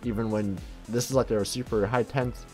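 A man's voice: on the low side, fairly even intonation, normal speed, darkish tone, soft background music. An American man hosting a reaction video, talking in a laid-back, rambling way with lots of fillers. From United States. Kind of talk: casual reaction commentary.

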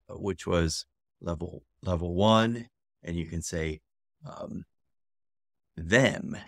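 A man teaching a casual video lesson, slowly repeating each word several times with relaxed fillers. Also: sits low, no room sound, studio quality. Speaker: language teacher.

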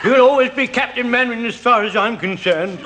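A man's voice: extremely high pitch, brisk. An actor playing an eager, fussy old soldier who fawns over his captain, in a 1970s studio sitcom. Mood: fawning. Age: older. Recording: hissy old TV sitcom audio with studio audience laughter.

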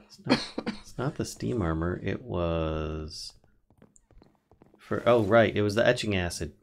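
A man with a low, gravelly voice chats through a casual gaming stream. He thinks aloud, reads out crafting recipes and laughs often. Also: unhurried, a little hiss or hum. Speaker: streamer, co-host.

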